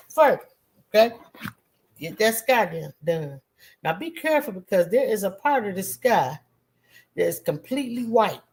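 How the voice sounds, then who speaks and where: A woman's voice: medium pitch, a little mellow, husky. A woman leading a live-streamed painting lesson as an art teacher, chatty and encouraging, talking straight to her viewers and bantering with the chat in a slangy, friendly way.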